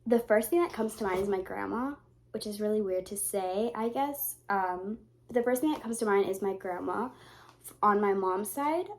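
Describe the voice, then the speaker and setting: A woman's voice: mid-range voice, a little mellow, a little hiss or hum. A young woman vlogging in a rambling, casual way, swearing freely and getting emotional. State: tearful at times. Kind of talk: casual vlog talk.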